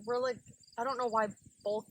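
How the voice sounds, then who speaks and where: A woman co-hosting a podcast, trading quick, joking banter in casual chat. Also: fairly high pitch, little pitch movement. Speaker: podcast co-host.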